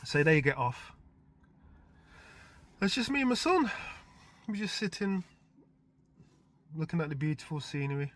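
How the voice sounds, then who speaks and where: Very animated but measured, with long pauses, a middle-aged vlogger tells a meandering dream story in a slightly high, somewhat bright voice. He chuckles often, and "like" and "type thing" keep cropping up in his casual talk.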